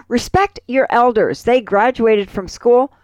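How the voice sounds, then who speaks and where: A woman's voice: a little high, slow, a little mellow, no echo. A woman co-hosting a radio show, chatting casually and telling jokes with a playful, easy laugh. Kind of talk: casual chat and joke telling.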